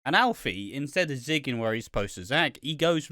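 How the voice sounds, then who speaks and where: A man's voice: fairly high pitch, big pitch swings, moderate pace, bright, forceful tone, no echo, studio quality. A man from Britain co-hosting a podcast, chatting casually and animatedly about a soap episode, often swearing and acting out lines. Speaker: podcast co-host.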